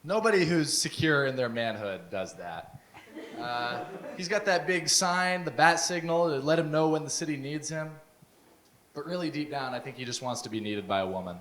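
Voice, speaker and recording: A young man doing a deadpan stand-up set of dark one-liners. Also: on the high side, moderate pace. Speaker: stand-up comedian. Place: comedy showcase stage. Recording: live with loud audience. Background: audience laughter.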